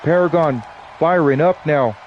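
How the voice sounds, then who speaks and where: A man calls wrestling play-by-play with a stuffy, blocked-up nose. His delivery is casual, and he slips in joking asides between moves. A steady hiss of noise sits under his voice. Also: on the high side, a little slow, lo-fi sound, some chatter behind. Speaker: play-by-play commentator. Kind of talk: wrestling commentary.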